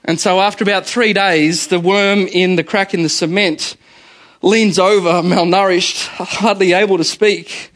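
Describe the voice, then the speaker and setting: A middle-aged man delivering a sermon, his voice pitched a little high for a man. He preaches in a lively storytelling way, stumbling into repeated words as he speaks straight to the congregation. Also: a little slow. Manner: animated storyteller, repeats words, addresses listeners as guys. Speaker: pastor.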